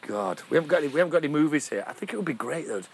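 Man, casual co-host, animated pitch, sweary, faint room hiss. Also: very fast, rough recording. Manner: sweary, animated, laughs a lot. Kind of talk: casual chat.

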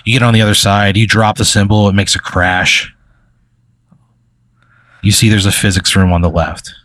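A man's voice: fairly low pitch, little pitch movement, moderate pace, a bit bright. A man running an improvised story game as game master, rambling with many fillers and chuckles.

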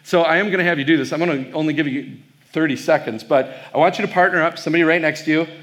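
A man's voice: on the high side, fast, fairly bright tone. A man from Wisconsin, a pastor giving a keynote talk to a youth audience, telling stories in a loose, conversational way with plenty of fillers. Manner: conversational storytelling with frequent fillers.

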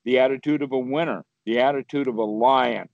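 A man with vocal fry, speaking a little fast, teaches Buddhist practice casually on a call. He's playful, acting out inner voices with sudden high exclamations, and the lo-fi audio has no echo.

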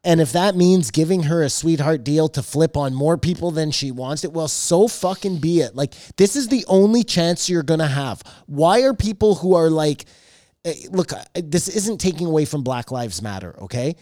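A man's voice: on the high side, lively intonation, moderate pace, mellow, dry recording, studio quality. A man co-hosting a podcast, talking in a heated, emphatic way and swearing often as he rants. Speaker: podcast co-host. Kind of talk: heated casual chat.

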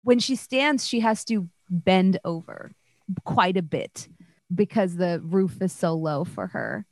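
A woman game master narrating a tabletop game in a lowish voice, close and dry. She describes scenes loosely, full of "like" and restarts. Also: lively intonation, slow, darkish tone, no room sound. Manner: loose, filler-heavy descriptions.

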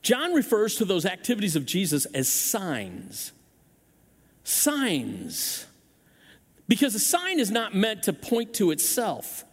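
A man's voice: sits high, slow, husky, long reverb tail. A man preaching a sermon as pastor, telling stories with acted-out voices and often restarting his words. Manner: animated storytelling with acted-out voices; frequent restarts and repeated words. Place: church sanctuary.

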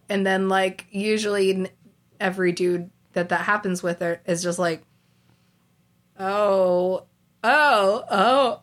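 A woman co-hosting a relaxed podcast conversation. Her voice sits at an ordinary middle pitch. She gushes, laughs easily and breaks into little acted-out quotes. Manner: gushing, laughs often, acts out quotes. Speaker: podcast co-host. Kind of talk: casual podcast chat.

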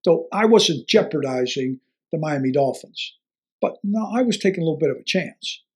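An older man, a former football coach, telling a story in an interview in an animated way, acting out the dialogue and chuckling often. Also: on the high side, normal speed, slightly rough.

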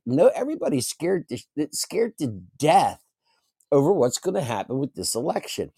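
A man speaks on a casual online panel in a mellow, warm voice. The recording is dry and close. He speaks haltingly, often repeating words and trailing off. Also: fairly high pitch, big pitch swings, no room sound. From United States. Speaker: panel guest.

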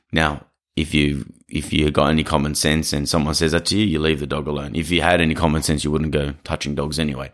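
A man's voice: a bass voice, fairly even intonation, quick pace. A man hosting a dog-training podcast, giving direct, assertive advice in a casual way and acting out what people say.

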